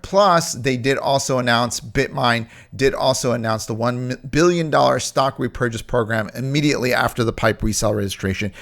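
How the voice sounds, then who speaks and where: A man's voice: medium pitch, fairly bright tone. A man giving casual crypto stock commentary, brash and emphatic, often repeating phrases for emphasis. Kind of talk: casual market commentary video.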